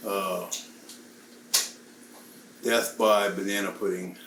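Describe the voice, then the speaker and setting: A man answering casually in a dry, deadpan way. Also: low voice, slow, a little hiss or hum. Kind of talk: casual chat. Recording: echoey room.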